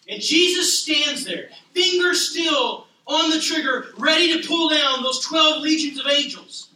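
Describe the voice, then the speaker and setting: A male pastor preaching a sermon with passion, rising to loud cries and dropping to hushed lines. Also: extremely high pitch, measured pace, few pauses, a little hiss or hum. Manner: impassioned, swinging from loud to hushed. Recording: echoey room, voice a bit distant.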